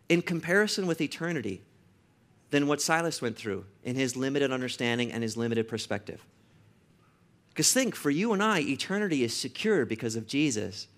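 A man in his thirties, a pastor, telling a personal story in a sermon, his delivery rising to emotional emphasis. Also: fairly high pitch.

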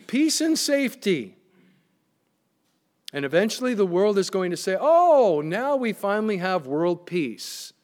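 Emphatic pastor, a somewhat high-voiced man. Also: clear, resonant tone. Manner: reads scripture aloud and tells personal stories. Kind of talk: sermon.

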